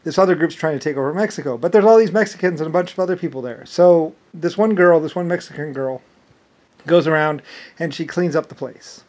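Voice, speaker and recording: Man, rambling monologue, fairly high voice, loud bursts then mumbled asides, endless restarts. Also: fairly quick. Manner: rambling, repeats "anyway" and restarts often; swings between loud animated bursts and low mumbled asides. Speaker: storyteller recounting an imagined past life.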